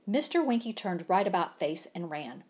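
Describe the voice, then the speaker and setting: Reading a children's storybook aloud at normal speed, a woman sounds lively and expressive, letting her pitch roam up and down. She relishes performing each sound effect.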